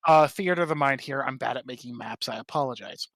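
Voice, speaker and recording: Bright-voiced, rambling male game master. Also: mid-range voice, fast, gravelly, no room sound. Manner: rambling, apologetic, casual. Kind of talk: narrating a tabletop game.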